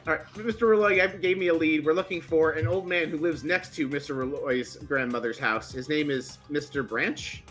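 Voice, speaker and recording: A tabletop game player in casual chat who talks in an animated, teasing way and often restarts sentences. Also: medium pitch, normal speed, hardly any pauses, faint music behind.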